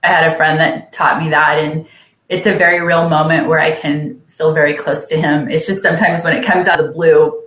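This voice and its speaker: A woman working as a caseworker and peer support trainer, sharing in a halting way with many fillers and soft laughs from her office on a video call. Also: low-pitched, flat delivery, reverberant, rough recording. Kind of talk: sharing in an online group session.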